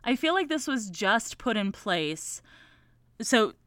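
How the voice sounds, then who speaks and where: A woman's voice: on the high side, very animated, slow pace, a bit bright, no echo, clean studio sound. A woman co-hosting a podcast, musing wryly about where a book's plot is heading. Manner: wry, musing, tosses out theories. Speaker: podcast co-host. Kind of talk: casual book-club chat.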